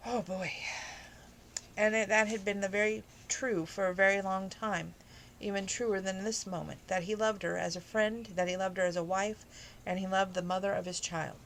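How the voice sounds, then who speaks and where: A woman's voice: mid-range voice, steady tone, normal speed, fairly bright tone, slight background noise, rough recording. A woman reading a romance novel aloud informally, emotional and adding personal asides. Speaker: audiobook reader.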